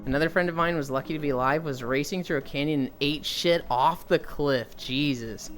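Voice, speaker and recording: A woman's voice: low-pitched, fairly quick, faint music behind. A woman streamer chatting with viewers, telling stories, swearing freely and acting out the people in them. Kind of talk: casual chat with viewers.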